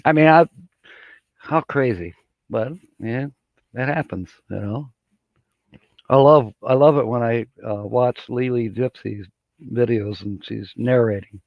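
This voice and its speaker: A man's voice: medium pitch, slow pace, long pauses, no echo. A middle-aged man from Michigan hosting a live stream in a casual, folksy way, greeting viewers and chuckling often. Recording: dull, dry lo-fi audio.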